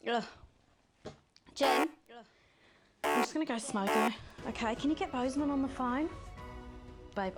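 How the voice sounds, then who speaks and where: A woman's voice: high-pitched, unhurried, pauses often, loud music behind the voice. An actress playing a scheming, seductive female TV presenter who teases and taunts in a game. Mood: irritated. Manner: taunting, teasing, purring. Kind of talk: game full-motion video acting.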